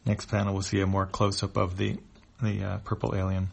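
Man, reading a comic aloud, gravelly voice, hesitant, lots of fillers. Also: on the low side, steady tone, brisk.

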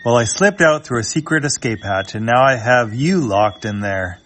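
A smug comic-strip schemer, as a man voices him talks at a mid pitch, slightly raised above a plain reading voice. His delivery stays dry and self-satisfied. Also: lively intonation, normal speed, fairly bright tone, slight background noise, close to an everyday voice.

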